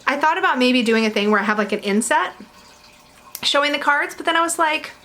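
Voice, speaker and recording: A woman talks straight to her camera at home, chatty and rambling, with plenty of fillers and giggles. Her voice sits a little high. A faint hiss of room noise runs under the camera mic. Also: expressive, brisk, sharp tone. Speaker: tarot vlogger reviewing decks. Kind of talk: casual chat to camera.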